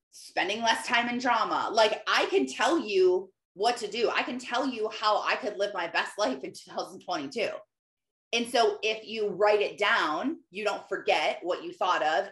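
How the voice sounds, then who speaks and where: A woman's voice: mid-range voice, a bit bright. A woman Christian life coach giving an emphatic, conversational motivational talk, often repeating phrases. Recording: roomy echo.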